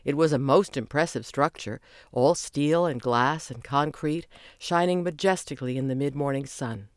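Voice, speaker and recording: A narrator reading a children's audiobook in a lively storytelling manner. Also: medium pitch, moderate pace, clear, resonant tone, dry recording, studio quality.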